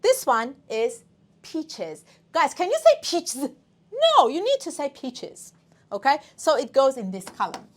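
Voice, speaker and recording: A woman's voice: high voice, wildly swooping pitch, moderate pace. A woman teaching a live English exam-prep class. She speaks emphatically, repeating words aloud and drilling them for her students.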